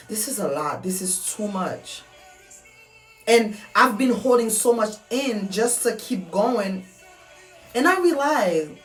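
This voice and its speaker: Earnest woman with soft music behind. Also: on the high side. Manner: earnest, repetitive, heartfelt. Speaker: vlogger. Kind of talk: personal motivational monologue. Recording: soft music underneath, mic at a distance.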